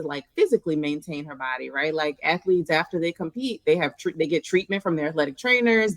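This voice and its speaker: New orleans accent lady, low voice, dry sound, explains things calm and thoughtful. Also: dry recording. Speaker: guest, mental health counselor. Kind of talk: interview answers.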